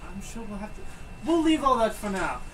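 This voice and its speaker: A woman's voice: mid-range voice, big pitch swings, a little fast, a little hiss or hum, poor audio. A woman playing a character in a tabletop game, with courtly in-character phrasing. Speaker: player.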